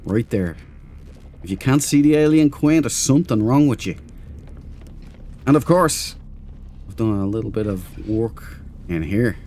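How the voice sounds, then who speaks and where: A man's voice: fairly low pitch, lively intonation, a little slow, pauses often, warm tone, a little hiss or hum. A man hosting a casual game stream, chatty and self-mocking, greeting viewers in chat by name. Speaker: gaming livestream host.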